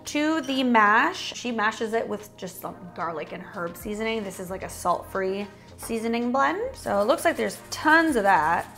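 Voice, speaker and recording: A woman's voice: medium pitch, creaky, a bit bright. A young woman chatting casually through a cooking demonstration in a home kitchen, with joking asides as she goes. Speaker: cooking vlogger.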